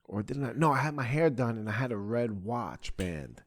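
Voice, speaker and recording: A man's voice: medium pitch, animated, moderate pace, no echo, clean studio sound. A young adult man, a podcast host and stand-up comedian, telling a story in casual chat and acting out his own stage lines.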